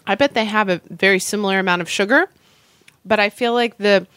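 A woman in her thirties co-hosts a relaxed food conversation, chatting while she eats. Her voice sits at an ordinary middle pitch. The sound is dry and close, with no room echo. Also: a little fast. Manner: chatty, eating while talking. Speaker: co-host. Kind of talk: casual food chat.

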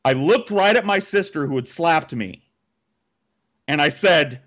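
A man's voice: fairly high pitch, animated, measured pace, pauses often, noisy background. A man telling a childhood story on a podcast in casual, profanity-laced chat.

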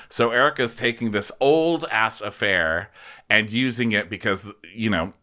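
Lowish guy with a bright sharp voice, rambly podcast recap, laughs a lot. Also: expressive, normal speed. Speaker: podcast host. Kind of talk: casual comedic recap.

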